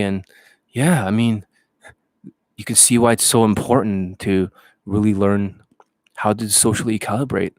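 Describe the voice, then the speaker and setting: A man's voice: fairly low pitch, steady tone, measured pace, pauses often, dry recording. A man hosting an improvised livestream, rambling, swearing and laughing as he talks. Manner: rambling, profane, laughing often. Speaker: dating coach, livestream host. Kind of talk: improvised casual livestream chat.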